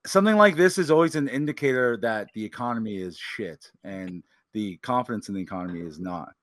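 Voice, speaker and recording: A man's voice: fairly low pitch, lively intonation, brisk. A man joking as a guest on a podcast, talking animatedly with playful exaggeration. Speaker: guest comedian. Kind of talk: casual podcast chat.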